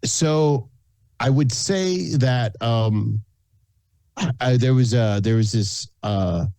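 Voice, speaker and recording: A man's voice: mid-range voice, slow, mellow, clean tone, dry recording. A man from San Antonio, Texas, telling stories as a podcast guest. He acts out the people he quotes and laughs often. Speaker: guest, food content creator. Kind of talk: casual storytelling in a podcast interview.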